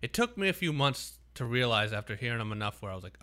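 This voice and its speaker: A man's voice: medium pitch, big pitch swings, fast, a crowd in the background. A man co-hosting a podcast in casual chat, rambling and swearing a lot. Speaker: podcast co-host.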